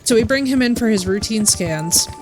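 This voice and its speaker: Woman streamer, animated casual storyteller, loud game music underneath. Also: on the high side, moderate pace. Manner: animated storyteller, quotes people in her own voice. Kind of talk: casual chat while gaming.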